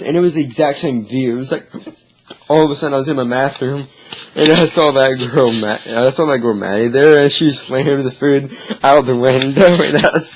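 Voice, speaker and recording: A man vlogging, telling a long story in a rambling, easily sidetracked way with chuckles. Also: mid-range voice. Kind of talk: casual storytelling.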